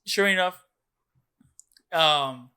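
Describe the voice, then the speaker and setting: Bright, rambling young man telling a story. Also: on the high side, extremely slow, clear, resonant tone. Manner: rambling, profane, many "like"s and "dude"s. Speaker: podcast co-host. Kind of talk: casual storytelling chat.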